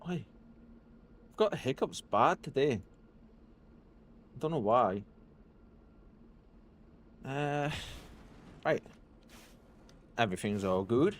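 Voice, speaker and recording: A man's voice: medium pitch, animated, slow, long pauses, a little hiss or hum. A man streaming a video game, chatting casually to his viewers as he plays. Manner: chatty, talks to chat while playing. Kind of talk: casual let's-play commentary.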